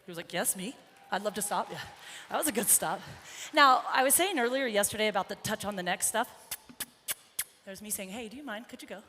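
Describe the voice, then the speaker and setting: A woman's voice: mid-range voice, animated, brisk, bright, forceful tone, slight background noise. Woman horse trainer on a wire mic, breathing hard, chatting to the colt and crowd, long arena echo. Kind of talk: live clinic demonstration while riding. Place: indoor arena at a horse expo. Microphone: wireless body mic.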